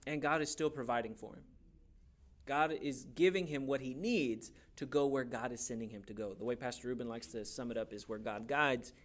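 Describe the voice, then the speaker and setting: A young adult man preaching a sermon, telling stories with playful put-on voices. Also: medium pitch. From grew up in a Hispanic church community. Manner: animated storytelling with playful voices. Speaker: pastor.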